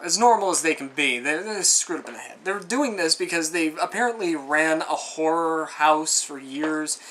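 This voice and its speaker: A man's voice: fairly high pitch, moderate pace, fairly bright tone. Rambling, exasperated man reviewing a film. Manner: rambling and conversational, with frequent asides; exasperated, sarcastic commentary. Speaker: movie reviewer. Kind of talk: casual film review monologue.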